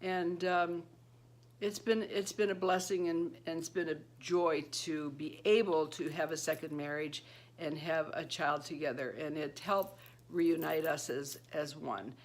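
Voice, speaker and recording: A woman's voice: deep voice, steady tone, measured pace. A retired woman in her fifties chats to camera about married life. She rambles from one thought to the next, laughs often, and acts out the voices of people she quotes. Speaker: beauty vlogger. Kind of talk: casual chat to camera.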